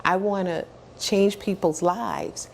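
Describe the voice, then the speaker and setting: A woman in her sixties, a guest in an interview, telling her story with animated energy, acting out what others said and often laughing. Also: fairly low pitch, slow, creaky, slight background noise. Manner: animated storyteller who acts out quoted dialogue and repeats words as she builds up.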